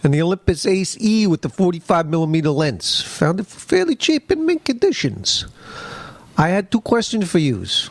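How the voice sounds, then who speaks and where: A man's voice: high voice, very animated, moderate pace, no room sound. A man co-hosting a podcast, reading listener letters aloud in a jokey, casual way. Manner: jokey, breaks into put-on voices. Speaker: podcast co-host.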